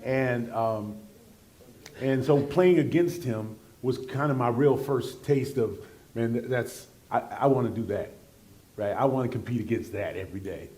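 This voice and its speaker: Earnest former player reminiscing. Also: male voice, mid-range voice, warm tone. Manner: measured, earnest, thoughtful. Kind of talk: reflective interview answer.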